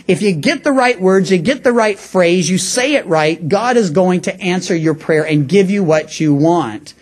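Husky-voiced pastor preaching conversationally. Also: male voice, high voice, a little mellow. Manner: conversational preaching with frequent restarts and stammers. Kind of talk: radio sermon.

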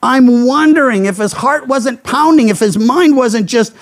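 A man pastor preaching a Bible sermon, earnest and emphatic, letting his phrases fall low at the end. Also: a little slow. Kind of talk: expository sermon.

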